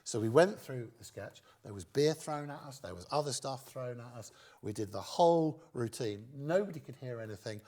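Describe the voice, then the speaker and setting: A middle-aged man, a guest comedian, telling stage anecdotes in an interview as a lively storyteller who acts out quoted lines. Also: medium pitch, moderate pace, few pauses.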